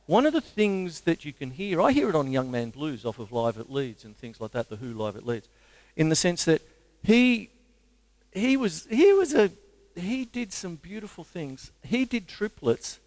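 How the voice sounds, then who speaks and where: A middle-aged Australian man giving a casual drum lesson, counting beats aloud between loud drum playing. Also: sits high, no echo. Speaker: drum teacher. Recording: drum kit loud behind voice.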